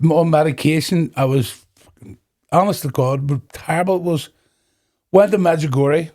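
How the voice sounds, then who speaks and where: A middle-aged man with a Northern Irish accent, telling his own story as a guest in an interview and acting out the dialogue. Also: fairly high pitch. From Northern Ireland. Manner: animated storyteller acting out dialogue, breaks into laughter. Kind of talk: personal testimony in a podcast interview.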